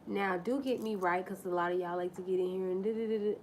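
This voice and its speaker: A woman hosting a livestream, telling a personal story to her viewers in a candid, profane, animated way. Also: medium pitch, fast talker, slight background noise. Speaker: livestream host.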